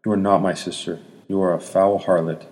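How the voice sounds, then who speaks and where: A deep-voiced man reading as a cruel nun driving someone away, harsh and loud, yet still low and level. The voice sits in a long hall reverb. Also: little pitch movement, brisk, lightly acted. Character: harsh, merciless nun shouting.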